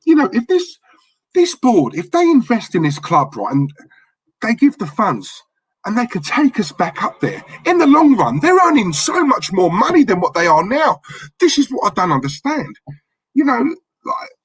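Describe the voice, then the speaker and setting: A man's voice: sits high, wildly swooping pitch, moderate pace, slightly rough, dry recording, low-quality recording. Fired-up man ranting on a livestream. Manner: frustrated, repetitive, reads out chat names. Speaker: host of a fan live stream. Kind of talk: heated live-stream fan rant.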